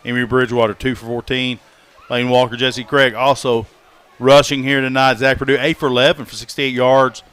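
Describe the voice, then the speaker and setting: A man doing color commentary for a high school football game, relaxed and reading out stats. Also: fairly quick, clean tone. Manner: relaxed, reads stats, easygoing.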